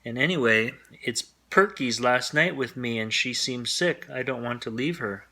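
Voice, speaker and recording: A man's voice: mid-range voice, normal speed, sharp tone. A man voicing an earnest, kind young boy aardvark in a storybook read-aloud. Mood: worried. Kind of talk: storybook character voice.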